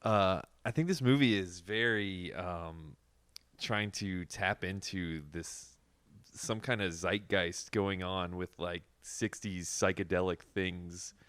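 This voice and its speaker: A man co-hosting a film podcast, retelling scenes in a halting way with lots of fillers. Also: sits low, fairly bright tone, clean tone, no echo. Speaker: podcast co-host. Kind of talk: casual film discussion.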